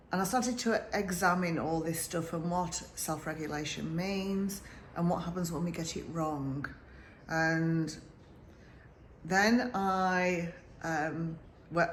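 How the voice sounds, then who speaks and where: Northern English woman in her fifties, earnest and emotional personal story, lowish voice, roomy echo with faint background hum. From north of England. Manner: earnest, emotional, halting with restarts. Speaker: sleep consultant.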